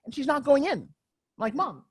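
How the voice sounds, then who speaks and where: A middle-aged woman speaking as a guest in a podcast interview. She talks with emphatic, energetic drive, pushing her points hard like a motivational speaker. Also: mid-range voice, a little fast.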